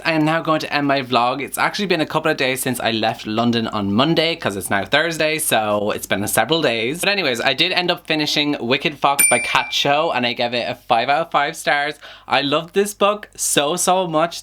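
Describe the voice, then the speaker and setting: A man's voice: mid-range voice, bright, forceful tone. A young man talks casually to his camera in a book vlog. He gushes about what he has been reading and keeps dropping "like" between his thoughts. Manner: chatty, gushing, filler-heavy with lots of "like". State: upset after bad news. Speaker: book vlogger.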